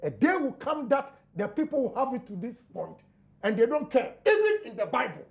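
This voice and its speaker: Forceful Ghanaian man arguing on a panel. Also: very high voice, big pitch swings, normal speed. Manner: forceful, switches between English and Twi, argues over others. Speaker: political panel guest. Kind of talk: heated political panel debate.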